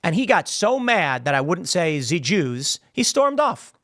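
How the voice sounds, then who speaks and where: A man's voice: on the high side, big pitch swings, measured pace, a bit bright. A man hosting a podcast, delivering an emphatic, mocking commentary monologue and repeating phrases for effect into a studio microphone. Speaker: podcast host.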